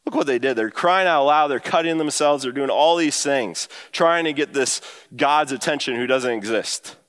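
A man preaching a sermon to his church, talking in an animated way that climbs higher when he quotes and drives home a point. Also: moderate pace, clear, resonant tone. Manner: animated, rising pitch when quoting and emphasizing. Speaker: pastor. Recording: long hall reverb.

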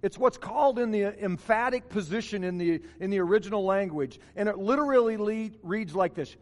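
Emphatic high-voiced preacher in a reverberant hall. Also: male voice, a little fast, hardly any pauses. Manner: emphatic, repeats key phrases for stress. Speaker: pastor. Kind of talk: sermon.

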